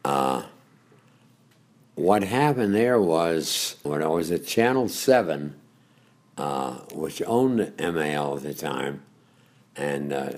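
Deep-voiced older man reminiscing. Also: darkish tone. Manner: rambling storyteller with frequent uh's and chuckles. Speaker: radio host. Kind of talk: reminiscing interview.

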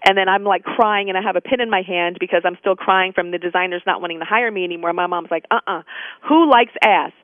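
A middle-aged woman, an interview guest, telling stories with animated delivery and acted-out quotes. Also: lowish voice, fast talker, few pauses, no echo. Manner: animated storyteller, acts out quoted voices. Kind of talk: casual interview storytelling. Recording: tinny phone line, dry.

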